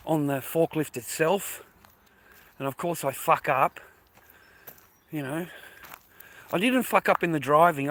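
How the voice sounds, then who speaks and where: A weary, middle-aged Australian man talks straight into his phone while he walks outdoors, rambling and cursing as he calls his viewers mate and boys. His voice sits a little high and comes across forceful and bright. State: tired. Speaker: vlogger. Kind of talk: casual rambling monologue to viewers. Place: outdoors, walking to a bus stop early in the morning.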